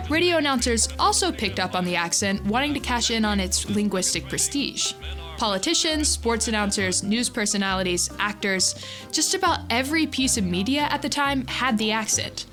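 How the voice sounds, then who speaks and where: A woman's voice: on the high side, fairly bright tone. A woman reporting a news feature in a conversational, explanatory scripted narration.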